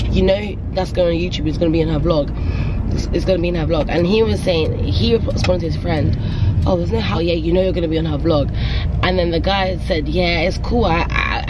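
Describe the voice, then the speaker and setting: A woman's voice: fairly low pitch, heavy background noise. Rambling woman vlogging. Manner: chatty, rambling, keeps asking "do you know what I mean". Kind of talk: casual vlog chat. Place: out and about, car, gym, home.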